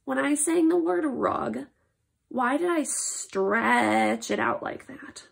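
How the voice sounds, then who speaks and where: A woman reads aloud to young children in a teaching tone, her high voice climbing and dipping with lively swings. She takes her time, lingers on words, and plays up mock shock at every ridiculous line, with a gravelly fry at the ends of phrases. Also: slow pace. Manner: playful, exaggerated reactions to silly words. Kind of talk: read-aloud lesson for children.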